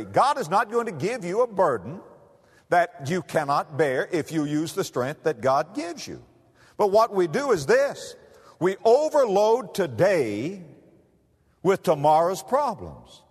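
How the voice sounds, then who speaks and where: Man, pastor, sermon, lively rising and falling voice, long hall reverb. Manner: dramatic swings from soft and low to loud and high.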